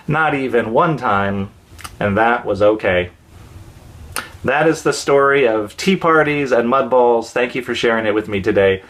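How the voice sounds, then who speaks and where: A man reading a children's story aloud in a gentle, expressive way. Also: mid-range voice.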